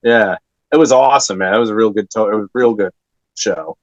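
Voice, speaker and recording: A man hosting a podcast, asking relaxed, hesitant questions with lots of ums. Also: on the low side, brisk, dry recording. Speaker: podcast host. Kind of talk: casual interview. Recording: dull lo-fi sound.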